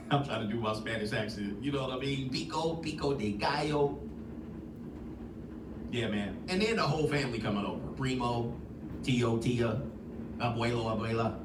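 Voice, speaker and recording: A man hosting a casual livestream podcast, joking and rambling with frequent laughs. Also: mid-range voice. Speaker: podcast host. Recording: echoey, distant mic, loud noise.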